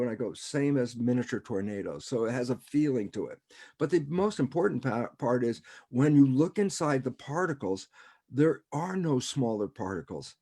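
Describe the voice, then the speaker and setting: A man's voice: medium pitch, a little mellow. A man on a video call, explaining in a conversational way and often chuckling as he asks himself rhetorical questions. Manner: rhetorical, keeps asking himself "why is that relevant?". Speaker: guest speaker.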